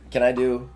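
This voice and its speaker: A man's voice: medium pitch, darkish tone. A man co-hosting a game stream, chatting casually, joking, laughing often, and reading game text aloud dramatically. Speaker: let's play co-host.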